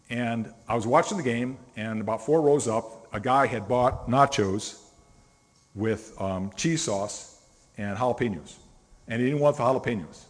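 A middle-aged man preaching a sermon as a pastor, telling stories in a conversational way and stressing single words. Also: mid-range voice. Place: church sanctuary. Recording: long reverb of a church hall.

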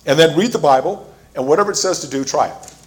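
A pastor preaching a sermon tells a story in a voice on the high side, speaking fast. He uses fillers and restarts, growing louder as he retells the scenes.

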